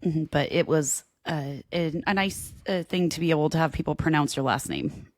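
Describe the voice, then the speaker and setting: A woman co-hosting a podcast, reacting quickly and joking with her partner. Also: deep voice, dry recording, studio quality. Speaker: podcast co-host. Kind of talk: casual chat.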